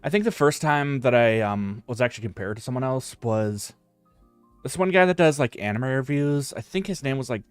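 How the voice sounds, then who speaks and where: A man's voice: medium pitch, lively intonation, normal speed, smooth, dry recording, soft background music. Rambling West Coast American man. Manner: rambling, many fillers and restarts. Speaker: streamer. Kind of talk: casual chat.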